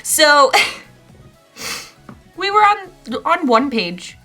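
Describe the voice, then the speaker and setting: A young woman chats about a book in a relaxed, rambling way. Her voice is bright and forward, with ums filling the gaps. Soft music plays faintly behind her. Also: high voice, very slow. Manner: chatty, rambling, with frequent ums. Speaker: book reviewer. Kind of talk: casual chat.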